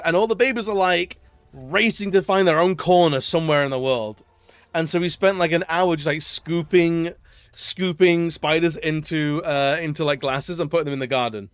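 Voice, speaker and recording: A man's voice: a little high, animated, normal speed, no room sound. A man streaming live, chatting casually, joking, laughing often and rambling between stories.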